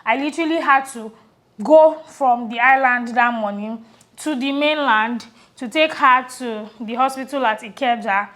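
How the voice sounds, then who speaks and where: A Nigerian woman co-hosting a podcast, telling a personal story in a reflective, earnest way that often trails off softly. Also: on the high side, normal speed. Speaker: podcast co-host. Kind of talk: casual conversational storytelling.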